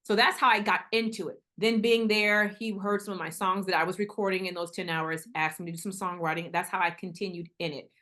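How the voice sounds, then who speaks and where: A middle-aged woman, a guest in a casual interview, telling her story with animated delivery and acting out the voices of people she quotes. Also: medium pitch, fairly quick, few pauses.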